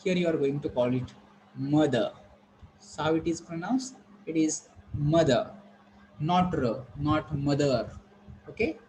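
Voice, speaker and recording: A male teacher giving a classroom pronunciation lesson, patiently repeating words slowly and quizzing the class. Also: fairly high pitch, a little mellow, slight background noise, rough recording. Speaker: English teacher.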